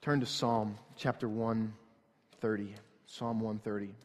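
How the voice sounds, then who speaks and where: A man's voice: fairly low pitch, flat delivery, measured pace. A man in his thirties preaching a sermon in a church, telling a story in an earnest, conversational way. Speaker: pastor. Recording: long hall reverb.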